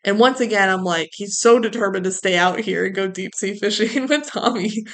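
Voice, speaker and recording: Gravelly-voiced woman recapping a movie. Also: mid-range voice, normal speed, fairly bright tone. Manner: chatty, laughing, quoting characters in put-on voices. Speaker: podcast co-host. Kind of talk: casual movie recap chat.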